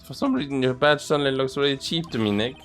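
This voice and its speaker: A man's voice: mid-range voice, quick pace, a bit bright, soft background music. A man hosting a let's play, chatting in an amused way and reading the game's dialogue aloud. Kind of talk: casual game commentary and reading dialogue.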